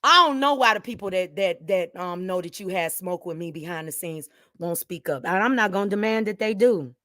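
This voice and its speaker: A woman hosting her channel, ranting angrily at someone. She repeats herself, swears, and swings from low muttering to shouting. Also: expressive, brisk, dry recording, studio quality. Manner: swears freely, addresses viewers directly. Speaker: channel host. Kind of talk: heated direct-to-camera rant.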